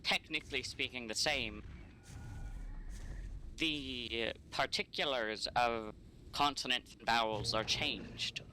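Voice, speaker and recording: An American man chatting casually on a game stream, telling stories in a relaxed way with wry asides. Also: mid-range voice, slow, long pauses, noisy background. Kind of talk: casual chat while gaming.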